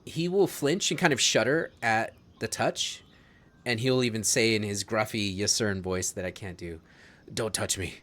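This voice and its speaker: A man running a tabletop role-playing game, narrating scenes in a measured, descriptive way with jokey asides. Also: lowish voice, a bit bright. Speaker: game master.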